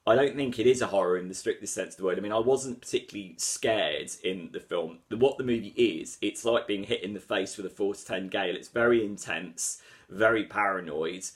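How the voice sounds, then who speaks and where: A man's voice: fairly low pitch, a little fast. A man giving a solo video film review, articulate and emphatic, often repeating words for stress.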